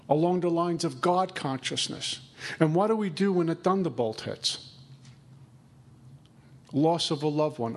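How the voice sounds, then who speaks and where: A man's voice: fairly high pitch, husky. A man giving a conversational recovery talk, acting out inner dialogue. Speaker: recovery speaker.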